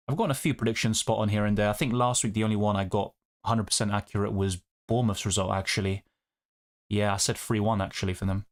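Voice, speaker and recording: Young man, live stream host, chatty, reading viewer comments. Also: on the low side. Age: 20s. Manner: chatty, reads viewer comments aloud and answers them. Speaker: fantasy football streamer.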